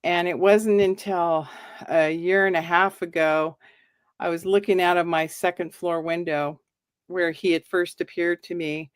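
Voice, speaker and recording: A woman's voice: fairly low pitch, measured pace, smooth, dry recording, studio quality. A middle-aged woman telling a personal ghost story, acting out the lines she quotes. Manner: animated, acts out quoted lines. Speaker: guest storyteller.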